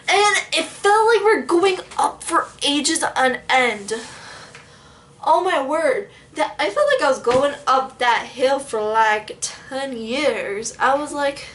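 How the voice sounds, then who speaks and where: A young woman telling a story in a casual vlog, animated and sassy, acting out what people said. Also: high voice, moderate pace, far from the mic, slight background noise. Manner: animated, sassy, dramatic retelling with quoted asides. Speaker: vlogger.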